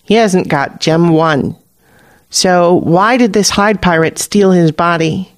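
A man voicing a wry young woman, a witch, with a dry and impatient way of talking, pitched up from his own voice. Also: takes it slowly, no room sound.

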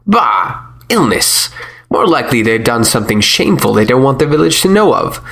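A man's voice: mid-range voice, sing-song, normal speed, creaky, a bit bright, husky, heavily acted. A man reading a story, voicing a stern, superstitious village sheikh who speaks with pious, scowling insistence. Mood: grim. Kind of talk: audiobook character voice.

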